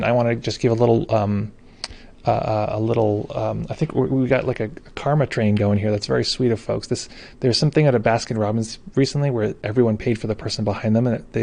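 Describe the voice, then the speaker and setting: Chatting casually from home during his meditation livestream, a man reads viewer comments, rambling, tripping over names and gushing with thanks. His mid-range voice is gravelly, husky and darkish in tone.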